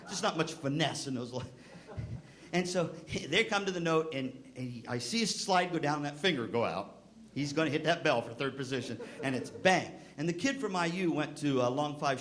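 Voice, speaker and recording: An older man giving a humorous storytelling talk to band directors, acting out the people in his stories with big jumps in his voice. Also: fairly quick. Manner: lively anecdotal delivery, acting out quoted voices with pitch jumps. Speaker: band music clinician speaking to band directors.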